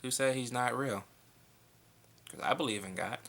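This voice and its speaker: A man's voice: medium pitch, normal speed, creaky, fairly bright tone. A young man answering viewer questions in a casual vlog at home at night. He is laid-back and blunt, and he swears freely.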